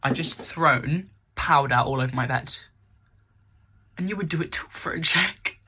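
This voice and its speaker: A woman's voice: sits low, unhurried, bright, forceful tone, breathy edge. A young woman, chatting casually through a makeup tutorial in her bedroom, rambling and poking fun at herself. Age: young adult. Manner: rambling, chatty, self-mocking. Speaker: makeup vlogger.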